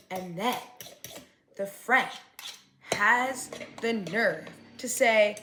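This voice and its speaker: A woman's voice: medium pitch, animated, takes it slowly, background noise. A young woman in her twenties telling a storytime rant, chatty and exasperated, full of "like.". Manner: chatty, exasperated, sprinkles "like" everywhere. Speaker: vlogger. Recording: echoey room with dish and cutlery clatter.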